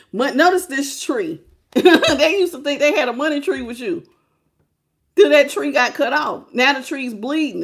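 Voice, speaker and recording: A woman giving a live tarot reading, talking casually with her viewers, greeting them by name and laughing often. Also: high-pitched. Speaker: tarot reader.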